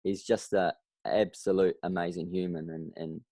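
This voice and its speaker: Speaking at a moderate pace, a New Zealand man with a low, deep voice recounts his story as a guest in a casual podcast interview, voicing others' words along the way. Dry, close recording with no room sound.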